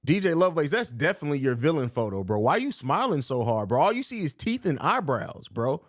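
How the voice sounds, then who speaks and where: A man's voice: fairly high pitch, sing-song, fairly quick, no room sound, studio quality. A young man hosting a live sports podcast, reading viewer questions and answering bluntly with jokes, calling people bro. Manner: blunt, joking, says bro a lot. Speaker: podcast host.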